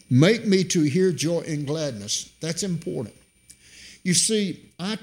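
In this sermon, a middle-aged preacher punctuates his message by sharply raising both his pitch and his volume.

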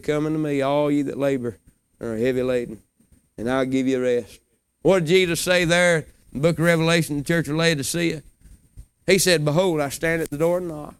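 A man preaching a sermon in a folksy way, swinging from low murmurs to high, loud cries. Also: clear, resonant tone, dry recording. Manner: folksy, colloquial phrasing.

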